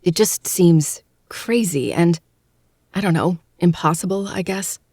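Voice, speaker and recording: A man voicing a wary, defiant young woman in a quick, clipped falsetto while reading a story aloud. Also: a little mellow, dry recording, clean studio sound. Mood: unsure.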